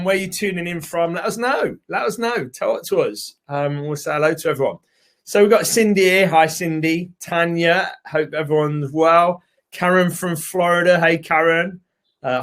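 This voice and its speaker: A man's voice: high-pitched, fairly bright tone. A British man co-hosting a live webinar, chatty and rambling as he greets viewers by name. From United Kingdom. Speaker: co-host and co-founder.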